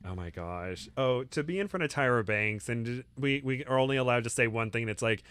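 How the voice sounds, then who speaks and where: A man's voice: mid-range voice, a little fast, few pauses, a bit bright, smooth, no room sound, studio quality. A man hosting a podcast where he reads a novel aloud and chats playfully between passages. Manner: playful, chatty, laughs easily. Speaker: podcast host. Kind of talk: reading a novel aloud, with casual chat.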